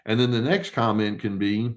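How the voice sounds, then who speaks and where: An older male therapist giving casual advice, calm and unhurried, who poses rhetorical questions and answers them himself. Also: on the low side. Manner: acts out short quoted replies in a mock tone.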